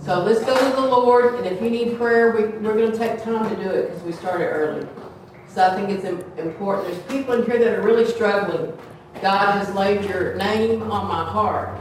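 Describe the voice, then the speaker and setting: A woman's voice: mid-range voice, moderate pace, a little mellow, slight background noise. A woman preaching a folksy sermon to a small congregation, sometimes acting out gossip in playful voices. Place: small church hall. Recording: echoey room from far off, faint ambience.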